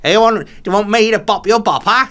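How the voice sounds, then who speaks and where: A man's voice: sits high, brisk, a bit bright, pitched above the performer's own voice. A man doing a mocking impression of a camp, cheeky man comedian who teases and croons off key. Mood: crooning.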